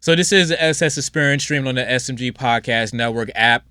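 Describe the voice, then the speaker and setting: A man hosting a casual solo podcast, talking bluntly and rambling, with his voice swinging from loud outbursts to low mutters. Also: quick pace, clean tone, no echo, clean studio sound. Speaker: podcast host.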